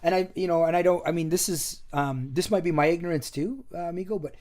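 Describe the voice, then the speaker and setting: A man from Chile hosting a podcast, talking in a relaxed, agreeable way with lots of "you know what I mean". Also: a little high, fast talker. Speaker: podcast host. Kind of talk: casual conversation.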